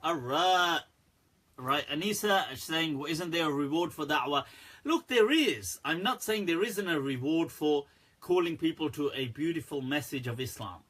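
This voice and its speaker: A man, an Islamic scholar, answering viewer questions on a live stream in a candid, animated way, laughing often. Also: on the high side, moderate pace, breathy edge.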